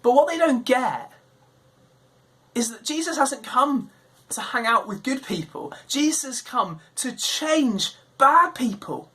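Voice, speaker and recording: Husky, lively woman giving a kids' talk. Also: high voice, takes it slowly. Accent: British. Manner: animated storytelling, acts out quoted voices. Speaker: church children's talk leader. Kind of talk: online children's Bible talk.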